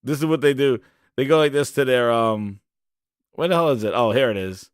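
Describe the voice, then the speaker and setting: A man's voice: medium pitch, fairly quick, smooth, dry recording, clean studio sound. A man hosting a casual gaming livestream, rambling and profane, sometimes breaking into joking singing. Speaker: podcast host.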